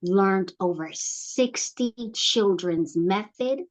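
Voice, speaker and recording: A middle-aged woman, a program founder, telling her life story as an interview guest in an animated way and acting out quotes with big jumps in pitch. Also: takes it slowly.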